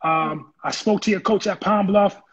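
A man telling his story in an interview, animated and acting out the voices of people he quotes. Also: sits high, moderate pace, slightly rough, lo-fi sound. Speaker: interview guest, former football player. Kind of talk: casual storytelling.

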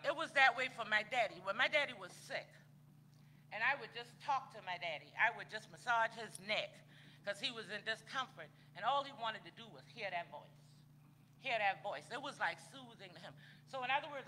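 A woman's voice: fairly high pitch, bright, forceful tone, a little hiss or hum. A woman minister, preaching a sermon in a folksy, conversational way and talking straight to the congregation.

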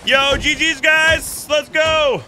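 A man streaming a game in casual chat, excited and full of praise for other players. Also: very high-pitched, slow pace, slight background noise, rough recording. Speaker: gaming streamer.

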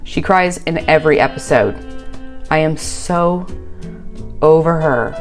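A woman's voice: sits low, measured pace, soft background music. A woman hosting a reaction channel, recapping a reality show with sarcastic, exasperated commentary.

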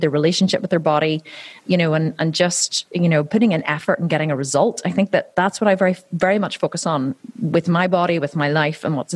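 In a casual interview, a professional athlete in her forties talks with frequent laughs, lots of restarts, and plenty of "you know" fillers. She speaks low-pitched, with no room sound.

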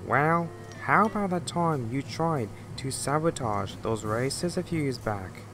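An impatient, doubtful engine, as a man voices him in a fan-made train story. His voice sits higher than the narrator's and sounds fretful. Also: animated, a little slow, a bit bright, faint music behind.

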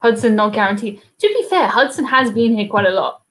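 Her voice is on the high side, a bit bright, expressive, and a little fast. Originally from the south coast of England and speaking with a Southern English accent, this young woman hosts a casual cruise Q&A live from her home desk. She chats, answers viewers, reads their comments aloud, and coos at her dog.

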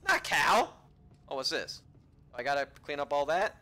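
A man giving casual let's-play commentary, rambling to himself with frequent restarts, swearing and sudden excited outbursts. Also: fairly high pitch, normal speed.

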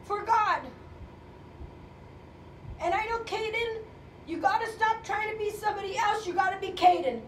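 A woman's voice: extremely high pitch, moderate pace, pauses often, distant mic, a little hiss or hum. A woman pastor preaching a sermon with passion, her voice at times breaking with emotion. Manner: impassioned, rising to fervent calls, voice breaking with emotion. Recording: echoey room, speaker away from mic, faint ambience.

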